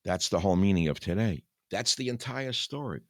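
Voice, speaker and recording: A man's voice: on the low side, expressive, fairly quick, no echo, clean studio sound. An older man hosting a talk show, reading scripture aloud and then ranting in an impassioned, preaching way. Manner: preaching, rising to angry outbursts. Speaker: radio talk host.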